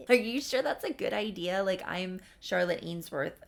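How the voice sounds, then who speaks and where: A woman's voice: lowish voice, lively intonation, normal speed, vocal fry. A woman voicing a wary, dramatic young woman in a life-simulation game story, with skeptical exclamations.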